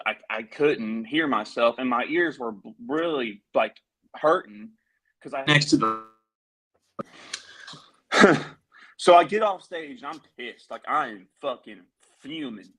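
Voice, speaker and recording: A man's voice: mid-range voice, animated, unhurried, pauses often, fairly bright tone, poor audio. A man, a musician guest on a live stream, telling a long story in a heated, profane, rambling way.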